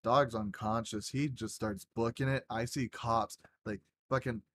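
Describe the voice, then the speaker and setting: A man's voice: mid-range voice, fairly even intonation, a little slow, background noise. A young man in casual chat, rambling through a story with lots of fillers and swearing. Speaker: gaming group member telling a story.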